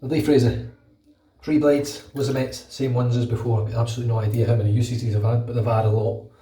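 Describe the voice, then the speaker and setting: Here the same kind of scene plays out fast: a British man with a mellow, level mid-range voice chats and curses while shaving his head in his home bathroom, a little ill with a cold. The recording is distant and echoey, his voice off-mic.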